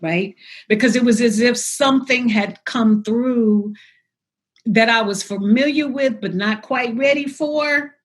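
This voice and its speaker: A woman's voice: a little high, unhurried. Woman poet guest, reflective storyteller, quotes her own inner voice. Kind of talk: reflective conversational interview.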